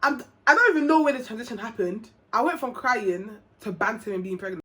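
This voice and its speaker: A woman's voice: on the high side, quick pace. Young woman, chatty vlogger, tells a story and voices the people in it. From England. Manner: chatty, animated, acts out quoted dialogue. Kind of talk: casual storytelling to camera.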